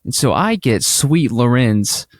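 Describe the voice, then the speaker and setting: A man's voice: medium pitch, slow, no echo, clean studio sound. A man co-hosting a casual podcast, telling stories with animation and acting out little imagined exchanges. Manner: animated storytelling, acts out quoted exchanges. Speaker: podcast co-host.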